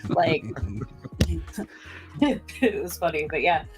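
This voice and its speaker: A woman's voice: lowish voice, expressive, slow, over loud music, low-quality recording. Chatty woman with a slight Southern twang. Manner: chatty, rambling, many restarts. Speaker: podcast co-host. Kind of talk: casual chat.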